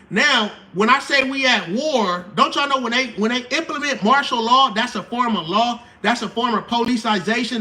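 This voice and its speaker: A man's voice: very high voice, pushed and bright, far from the mic. A man hosting a casual livestream, talking in slangy, profane speech and repeating his points to drive them home. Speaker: channel host.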